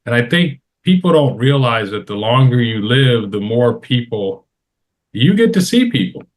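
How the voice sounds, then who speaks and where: A man's voice: medium pitch, very animated, moderate pace. A middle-aged man on a roundtable panel, talking in an emphatic, advice-giving way and repeating phrases for stress. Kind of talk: casual roundtable discussion.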